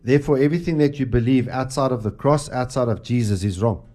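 A man's voice: mid-range voice, quick pace, dark tone, faint music behind. A man hosting a Christian talk show, preaching earnestly about the cross with frequent restarts. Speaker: host.

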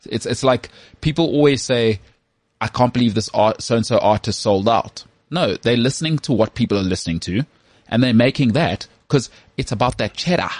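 A man from South Africa with a South African accent, co-hosting a casual podcast chat in an animated, opinionated way. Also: medium pitch, normal speed, dry recording. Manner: animated, opinionated, repeats words when starting. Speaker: podcast co-host.

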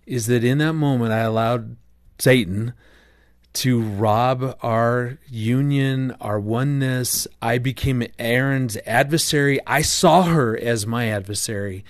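A middle-aged man telling a story in a casual interview, earnest and animated, often restarting his sentences. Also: medium pitch, a little slow, no room sound, clean studio sound. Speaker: guest, marriage author.

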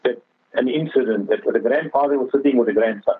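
Man, husky voice, earnest religious exhortation, heard through a tinny phone line. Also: mid-range voice, quick pace, dry recording. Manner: earnest, exhorting, addresses the other speaker as Maulana; tells a moral story with quoted dialogue. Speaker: Islamic speaker on a radio talk show. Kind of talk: religious radio talk.

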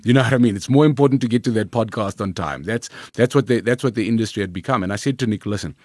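Brief: South African comic, lower-pitched man, rambling anecdotal delivery, close dry sound. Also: fast talker, no echo. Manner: lively, rambling, repeats words when restarting. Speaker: comedian guest. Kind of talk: storytelling interview answers.

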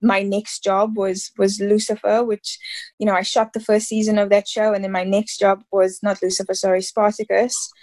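A woman's voice: medium pitch, little pitch movement, normal speed, a little mellow. A woman in her thirties from South Africa, an actress talking casually in an interview, rambling and full of fillers. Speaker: actress guest.

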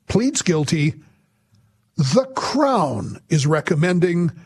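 A male radio host with a somewhat high, husky voice delivers pointed commentary. His tone is sarcastic and emphatic, and he punches key words with sudden rises in pitch. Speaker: radio talk show host.

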